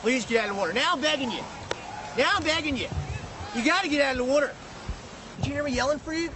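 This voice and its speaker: A man's voice: very high voice, fast talker. A man playing a Philadelphia-accented dad who nags his son to get out of the water, in a whiny, repetitive way. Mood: begging. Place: outdoors by water. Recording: outdoor clip with traffic noise.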